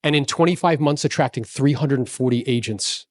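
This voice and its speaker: A man in his forties giving an energetic motivational talk to a live audience, telling stories and asking the crowd questions. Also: medium pitch, brisk, no echo, clean studio sound. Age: 40s. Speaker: real estate speaker.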